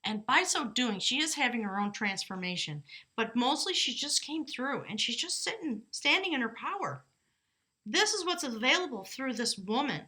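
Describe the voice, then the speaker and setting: Bright, chatty woman reading tarot. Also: high voice, very animated, moderate pace. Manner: chatty, laughs often, corrects herself mid-sentence; talks aloud to her spirit guides. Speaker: tarot reader. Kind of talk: casual tarot reading to camera. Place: desk in a small house by an open door.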